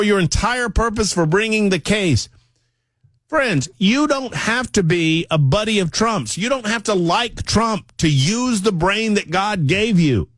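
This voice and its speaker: A man's voice: high voice, a bit bright, no room sound. A man hosting a talk radio show, delivering an emphatic, sarcastic political monologue straight to his listeners on a studio microphone.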